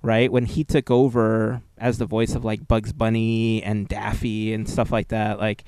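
A man's voice: lowish voice, little pitch movement, a little slow, darkish tone, smooth, no room sound. A man co-hosting a podcast in casual chat, rambling and restarting his sentences and laughing easily. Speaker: podcast co-host.

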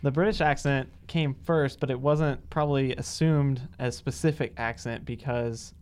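A man's voice: medium pitch, steady tone, normal speed, darkish tone, clean tone. A man co-hosting a podcast, commenting in a dry, matter-of-fact way. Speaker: podcast co-host. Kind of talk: casual chat.

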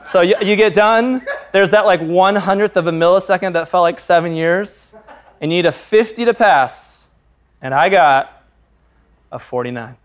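A man's voice: sits high, normal speed, a little hiss or hum. A man in his thirties, a pastor, preaching a sermon through candid, humorous personal stories. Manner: candid, humorous storytelling with frequent laughs.

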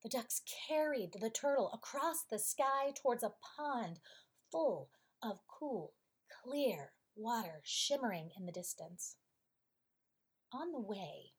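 Slow, breathy woman telling bedtime stories. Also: on the high side, expressive. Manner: gentle, soothing, drawn-out. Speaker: podcast storyteller. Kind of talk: bedtime story reading.

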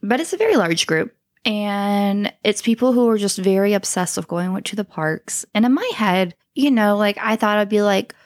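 A chatty woman co-host talking casually on a podcast. She fills her sentences with "like" and keeps breaking into giggles as she retells a story. Her pitch sits in the middle. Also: moderate pace. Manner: giggly storyteller, many "like" fillers. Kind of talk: casual chat.

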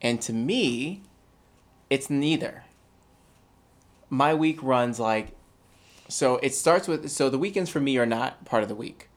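A man's voice: mid-range voice, expressive, slow, long pauses. A man co-hosting a casual chat, opinionated and rambling with lots of restarts. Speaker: podcast co-host.

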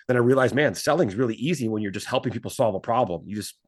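Fast-talking man telling stories in dry sound. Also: medium pitch, dry recording. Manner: energetic, acts out his own past dialogue in quotes. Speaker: guest, entrepreneur and former stockbroker. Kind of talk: casual interview storytelling. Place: Fort Worth, Texas.

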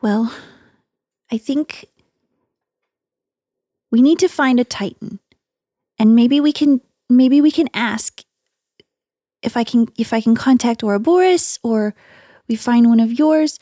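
A woman playing a tabletop game, speaking gently in character. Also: on the high side, slow pace, long pauses, dry recording, clean studio sound. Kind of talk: in-character role-play.

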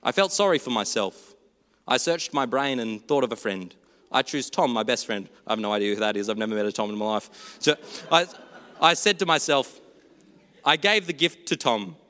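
A man preaching a sermon in a church, earnest and storytelling, moving between hushed and animated delivery. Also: mid-range voice, normal speed, long reverb tail.

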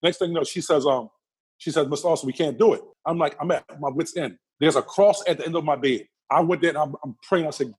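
A man being interviewed, telling a personal story with lively energy and acting out the other people's lines. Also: on the high side, quick pace, husky. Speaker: interview guest.

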